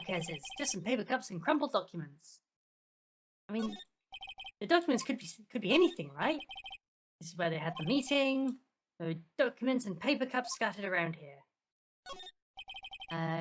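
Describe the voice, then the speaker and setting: A woman's voice: mid-range voice, sing-song, normal speed, pauses often. A woman playing through a video game, chatting to herself as she reads the dialogue aloud. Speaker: game streamer. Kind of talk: let's-play commentary, reading game dialogue aloud. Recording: noisy home recording.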